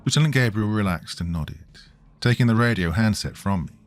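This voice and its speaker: A man with a very low, deep voice narrates a horror story in a measured, grave way. Faint music plays underneath his reading. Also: animated.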